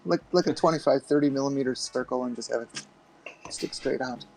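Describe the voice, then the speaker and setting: A man's voice: medium pitch, brisk, gravelly, over a noisy crowd, rough recording. A man in casual group chat on a call, musing aloud and swearing casually. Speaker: podcast guest.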